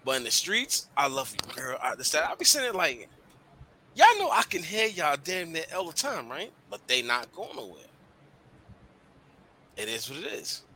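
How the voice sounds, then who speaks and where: A young man hosts a casual podcast and speaks bluntly about relationships. His voice is very bright, and his talk is loose, slangy and full of swearing. He gets animated as he makes his points. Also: on the high side, normal speed, long pauses, a little hiss or hum. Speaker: podcast host.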